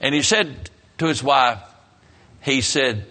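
A man preaching a sermon, telling the story dramatically with emphatic rises and soft, low endings. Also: slow pace.

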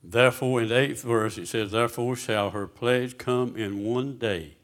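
A man's voice: fairly low pitch, a little slow, few pauses. A pastor preaching a sermon, reading scripture aloud and putting questions to his congregation.

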